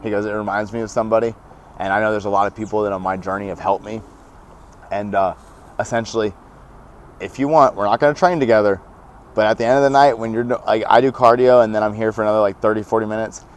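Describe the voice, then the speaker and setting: Young male guest, lower voice, lively anecdotes with acted-out quotes. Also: fast. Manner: animated, laughs often, acts out quoted dialogue. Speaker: podcast guest. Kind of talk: casual storytelling.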